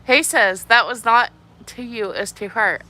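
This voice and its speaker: A young adult woman with a youthful, childlike voice that's a little high and a little slow giggles her way through viewer comments on a livestream. The chat is casual, animated and full of laughter.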